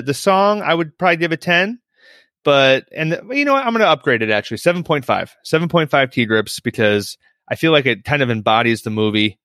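Lively, joking male podcast co-host. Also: medium pitch, no room sound, studio quality. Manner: animated, jokey, repeats himself. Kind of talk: casual chat.

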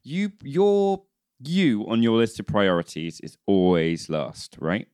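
A man's voice: on the low side, wildly swooping pitch, slow pace, darkish tone, clear, resonant tone, dry recording, studio quality. A man hosting a casual podcast chat, laughing often and mixing teasing with earnest praise. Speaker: podcast host.

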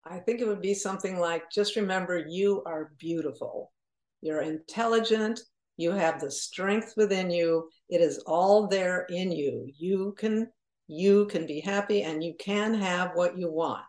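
A woman's voice: on the low side, measured pace, a little mellow. A woman guest in a casual podcast interview, speaking in an encouraging way and laughing easily. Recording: roomy echoey sound.

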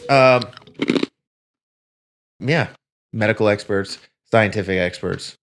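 A man with a fairly low, fairly bright voice speaks slowly. He's a podcast co-host in casual conversation, telling rambling stories and swearing freely.

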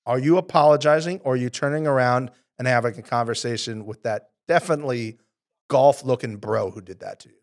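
A man's voice: medium pitch, a little fast. A man co-hosting a podcast, playful, acting out silly scenarios while asking questions. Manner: playful, acts out scenarios in mock voices. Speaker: podcast co-host. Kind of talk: casual podcast interview.

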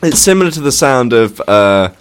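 A man's voice: mid-range voice, sing-song, moderate pace, clean tone. A man co-hosting a radio show, teasing his partner with dry quips. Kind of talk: casual radio banter.

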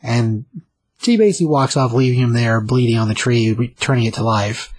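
A man's voice: mid-range voice, fairly quick, a little mellow, dry recording. A man co-hosting a comic book podcast, chatting loosely and hedging his opinions. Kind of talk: casual chat.

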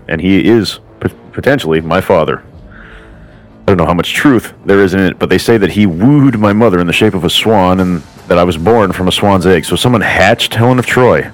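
Brief: man reading a sardonic queen, low and dry, flowery words with crude jokes. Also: close to an everyday voice, rough recording. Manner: flowery formal address undercut by crude self-mockery. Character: self-mocking beautiful woman, legendary queen.

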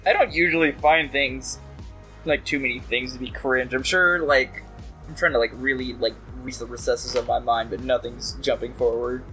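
A man's voice: medium pitch, steady tone, normal speed, sharp tone, soft background music, poor audio. A man in a casual podcast chat over an online voice call, laid-back, laughing often and trailing off when he can't find words.

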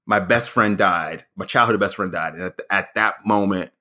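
A man's voice: low-pitched, moderate pace. A man in his thirties, a stand-up comic guest on a podcast, telling stories in casual chat with many fillers and restarts. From American South. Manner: animated storytelling, frequent fillers and restarts.

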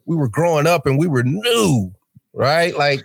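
A man's voice: fairly high pitch, unhurried, gravelly, slightly rough, no room sound. A middle-aged man, a guest on a podcast, chatting casually and acting out voices as he tells stories, often repeating words as he starts. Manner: animated storyteller, acts out voices, repeats words.

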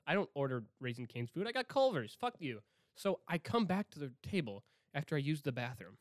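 A young man from Milwaukee rants on his own podcast, cursing freely and swooping wildly up and down in pitch. He lurches between loud outbursts and near-whispered asides. The sound is close and dry, with no room around him. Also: fairly quick, no room sound. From Milwaukee, Wisconsin. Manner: profane, excitable, swings between shouting and whispering. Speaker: podcast host. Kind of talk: casual solo rant.

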